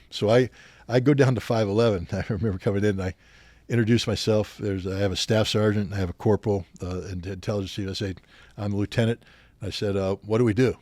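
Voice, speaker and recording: Older male guest, low voice, dry close sound, animated storyteller who acts out quoted dialogue. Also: no room sound. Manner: animated anecdotes, acting out quoted officers. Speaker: podcast guest. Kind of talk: storytelling in a podcast interview.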